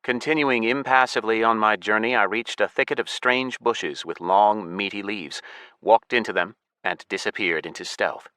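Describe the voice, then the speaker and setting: A man's voice: fairly low pitch, normal speed, sharp tone, clear, resonant tone, dry recording. A man narrating a science fiction audiobook in the first person, wry and matter-of-fact, on a close studio mic.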